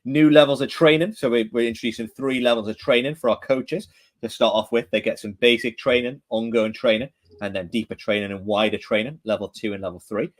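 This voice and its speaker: A man's voice: mid-range voice, fairly even intonation, fairly quick. Chatty Geordie man hosting a podcast. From northeast England. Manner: chatty, asks many questions, friendly teasing. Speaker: podcast co-host, director of training. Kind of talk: casual podcast chat. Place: home room in England.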